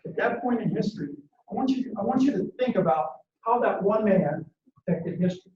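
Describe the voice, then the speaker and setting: Brisk and expressive, this high-voiced man is a motivational speaker with a flair for dramatic storytelling, performing quotes and yelling battle commands. The sound is muffled and lo-fi, captured from afar in a reverberant room.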